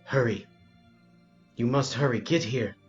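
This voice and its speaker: A man voicing a calm, graceful robed woman warrior who speaks in a measured way, on a lo-fi recording with faint music. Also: medium pitch, natural voice. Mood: urgent.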